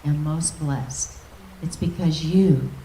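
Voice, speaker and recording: Lady preacher telling her story slow and low, mellow voice, sounds far off in a big echoey room. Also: a little hiss or hum. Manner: emotional, storytelling, softening to near-whisper. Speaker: guest minister. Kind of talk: testimony preaching. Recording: echoey hall, distant mic.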